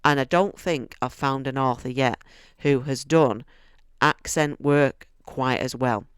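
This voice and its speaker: A man's voice: mid-range voice, a little slow, clear, resonant tone, no echo, studio quality. A man giving a casual, enthusiastic book review, chatty and often restarting his sentences. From United Kingdom.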